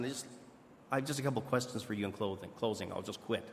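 A man's voice: medium pitch, very animated, fast talker, a little hiss or hum. A man preaching a sermon in a church, earnest and conversational, often restarting his sentences. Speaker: pastor. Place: church hall. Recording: echoey hall with long reverb.

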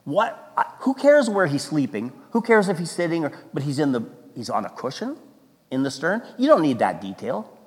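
A man preaching a sermon as a pastor, animated and emphatic, stumbling into restarts and breaking into sudden loud exclamations. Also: a little high, moderate pace. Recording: long reverb of a large hall.

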